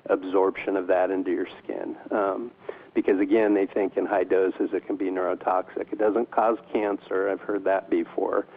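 A man's voice: low voice, little pitch movement, normal speed. A man speaking as a doctor guest in an interview, hesitant with many ums and restarts. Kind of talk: interview over the phone. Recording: tinny phone line.

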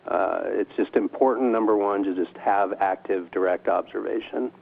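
A man's voice: on the low side, normal speed, creaky. A man speaking as a doctor guest in an interview, hesitant with many ums and restarts. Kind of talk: interview over the phone. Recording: tinny phone line.

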